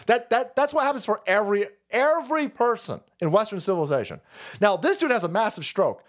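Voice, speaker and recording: Foul-mouthed, animated male stream host. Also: sits high, brisk. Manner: foul-mouthed, laughs often, mocking. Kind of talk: profane comedic rant commentary.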